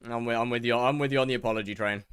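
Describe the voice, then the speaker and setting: A man's voice: mid-range voice, fairly even intonation, rapid-fire, fairly bright tone, clear, resonant tone, no echo, clean studio sound. A young man from England, streaming a game and bantering sarcastically with his chat. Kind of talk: casual chat with viewers while gaming.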